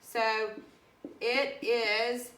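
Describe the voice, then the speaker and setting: A woman's voice: fairly high pitch, steady tone, fairly bright tone. Patient woman teacher in an echoey room. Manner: slow, patient, spells words letter by letter. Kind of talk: recorded classroom reading lesson.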